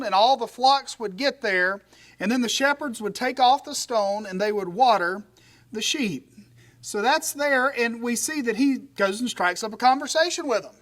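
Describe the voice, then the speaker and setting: A man's voice: very high voice, fairly bright tone. A man preaching a conversational sermon, retelling a story with animation and folksy humorous asides. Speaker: pastor.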